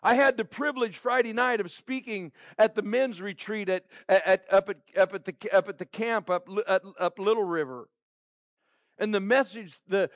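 Slow, high-voiced male pastor preaching. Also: dry recording. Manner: repeats phrases for emphasis; heartfelt, pleading preaching. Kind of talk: sermon.

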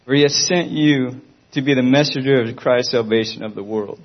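A man speaks in an earnest, pleading way as he gives a spoken Christian testimony. His voice sits at an ordinary pitch for a man. The recording is dull and lo-fi. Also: normal speed.

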